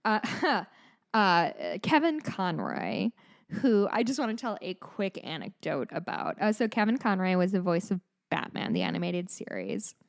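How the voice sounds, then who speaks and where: A woman's voice: medium pitch, lively intonation, a little slow, vocal fry. Rambling, chatty woman in her thirties. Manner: rambling and chatty, with swearing and self-deprecating asides. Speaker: podcast co-host. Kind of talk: casual chat.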